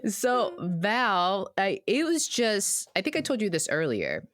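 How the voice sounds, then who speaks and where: A young adult woman hosting a podcast, chatting casually and telling stories in an animated way. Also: medium pitch, slow, no room sound, clean studio sound. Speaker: podcast host. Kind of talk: casual chat.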